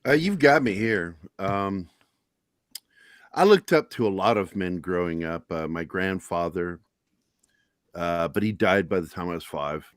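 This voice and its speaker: A man's voice: deep voice, lively intonation, measured pace, pauses often, clear, resonant tone, dry recording, studio quality. A middle-aged man hosting a talk show, telling candid personal stories in a blunt, profane, self-deprecating way. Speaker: podcast host.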